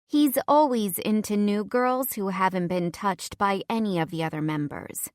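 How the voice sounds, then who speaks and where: A woman reading an audiobook, voicing a friendly, bubbly young woman at a biker party in a raised, brighter voice. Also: medium pitch, moderate pace, dry recording, studio quality, close to an everyday voice. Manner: eager, chatty.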